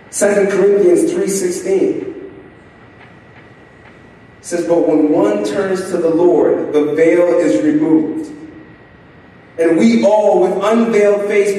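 A man's voice: sits high, a little mellow, recorded from a distance. A man preaching a sermon as pastor, building intensity through repeated phrases and asking the congregation questions. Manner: preaching with rising intensity and repetition. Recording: echoey hall, voice picked up from afar.

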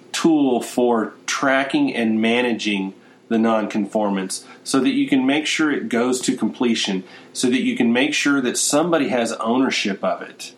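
A man hosting a business conversation, explaining points steadily and often saying "you know". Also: mid-range voice.

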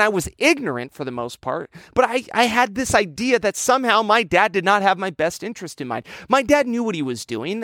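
A man preaching a sermon, telling a childhood story in a lively, conversational way. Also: high voice, no echo, studio quality. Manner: storytelling, animated with childhood anecdotes. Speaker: pastor.

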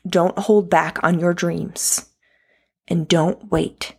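A woman's voice: lowish voice, fairly even intonation, slow pace, creaky, darkish tone, husky. A woman in her thirties talking straight to the listener in an earnest, heartfelt motivational monologue. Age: 30s. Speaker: podcast host.

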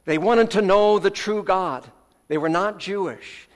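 A man preaching a sermon as pastor, earnest with dramatic pauses, letting phrase ends fall soft, with folksy asides. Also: high voice. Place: church sanctuary. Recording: long hall reverb, church sanctuary.

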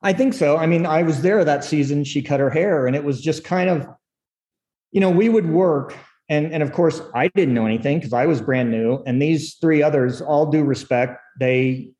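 A middle-aged screenwriter telling candid stories in an interview, acting out quotes and laughing often. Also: male voice, medium pitch, normal speed. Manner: animated storyteller, acts out quotes, laughs often. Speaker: screenwriter guest.

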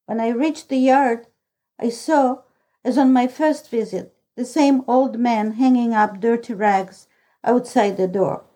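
A woman narrates a classic novel as a storybook reading, measured and even. Her voice is mellow and warm, set a little high, and she takes her time. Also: poor audio. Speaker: audiobook reader.

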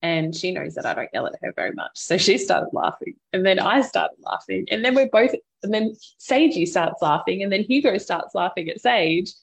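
A woman hosting a podcast, candidly recounting a hard parenting moment and offering gentle advice to listeners. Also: mid-range voice, animated, moderate pace, vocal fry, few pauses, husky. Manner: open, reflective storytelling with frequent laughter. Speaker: podcast host and mother. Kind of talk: candid personal podcast talk.

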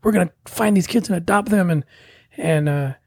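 Husky-voiced man telling a story. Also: sits high, moderate pace, no room sound. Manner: animated, acts out quoted voices. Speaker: guest telling his story. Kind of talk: casual storytelling.

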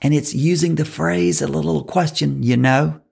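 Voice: medium pitch, steady tone, normal speed, creaky, warm tone, breathy edge. A coach for fundraisers teaching public speaking in an instructional talk, emphatic and repeating key words.

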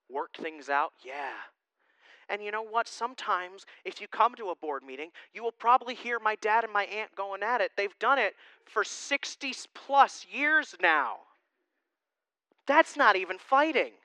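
An animated male pastor delivers a sermon in a church sanctuary, preaching loosely and conversationally with frequent "right?" asides. His voice is high for a man, bright and smooth, and he keeps a measured pace. The recording is dry, close and low in quality.

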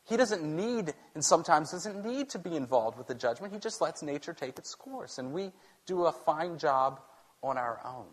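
A man's voice: a little high, moderate pace. A man, a pastor, preaching a sermon, asking rhetorical questions and often restarting phrases. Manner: rhetorical questions, animated delivery with frequent restarts.

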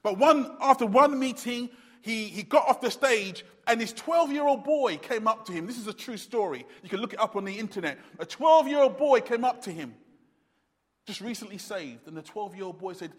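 A man preaching a sermon with a fairly high voice. He speaks emphatically and conversationally, repeating his points. His words echo with the long reverb of a church hall. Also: expressive, normal speed. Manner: emphatic, repetitive, conversational with fillers.

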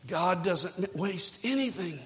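A male pastor preaching a sermon with passion, swinging from shouted peaks to hushed, quiet passages. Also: high voice, expressive, takes it slowly, in a large hall.

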